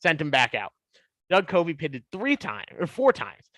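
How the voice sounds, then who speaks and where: A man in his twenties, a podcast guest, telling stories in a casual, animated way. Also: on the high side, normal speed, no room sound. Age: 20s. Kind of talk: casual storytelling.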